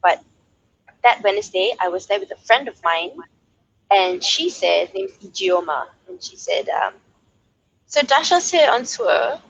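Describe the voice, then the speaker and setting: A woman's voice: medium pitch, moderate pace, creaky, lo-fi sound. A young woman from Malaysia, a singer-songwriter, telling a story in a casual interview and acting out quoted voices. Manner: lively, acts out quoted voices, laughs often.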